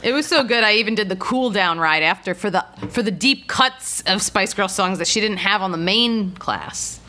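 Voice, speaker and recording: A woman in her thirties talking casually as a podcast co-host. Her voice has a bright, forward tone, and she rambles easily, filling her sentences with "like" and "you know.". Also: medium pitch, expressive, normal speed. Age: 30s. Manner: chatty, lots of fillers and laughs.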